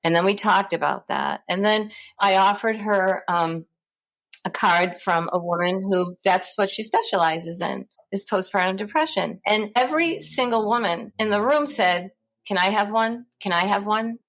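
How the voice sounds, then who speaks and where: Middle-aged woman chatting in an interview, animated, does little voices for people she quotes. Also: mid-range voice, moderate pace. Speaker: guest, founder of a parent support center. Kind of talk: conversational interview storytelling.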